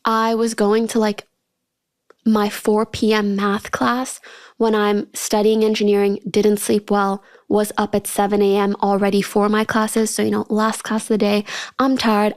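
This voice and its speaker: Young female podcast host, twenties, higher voice, candid and ranty, dry close-mic sound. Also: no echo. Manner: candid, ranting, laughs often. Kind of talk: solo podcast monologue.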